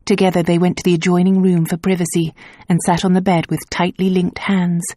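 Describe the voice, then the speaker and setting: Audiobook narrator, woman, mellow lowish voice, measured even read. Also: dry recording, clean studio sound. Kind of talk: scripted narration.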